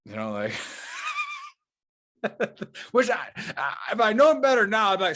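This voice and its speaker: A man's voice: sits high, huge pitch swings, unhurried, fairly bright tone. A man co-hosting a podcast, telling a story with many restarts and swearing, acting out the quotes. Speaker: podcast co-host. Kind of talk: casual storytelling chat.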